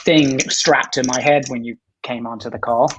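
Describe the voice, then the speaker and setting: A man's voice: medium pitch, fairly even intonation, moderate pace, noisy background. A man in his forties, a guest on a video-call chat, talking in a rambling, self-deprecating way with many restarts.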